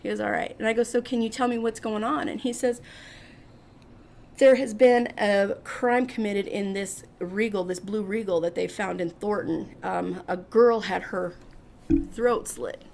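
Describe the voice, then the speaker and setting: A woman guest on a podcast, casually telling a story from her life and acting out the people in it with lively quoted voices. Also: mid-range voice, a little slow, gravelly. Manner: animated, acts out quoted voices.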